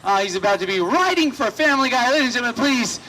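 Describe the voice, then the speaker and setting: A man's voice: very high-pitched, animated, fast, sharp tone, a little hiss or hum, low-quality recording. A man hosting a comedy show at an outdoor festival, hyping up comedians with plenty of fillers. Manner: hyped introductions with fillers. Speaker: show host. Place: outdoor street festival stage.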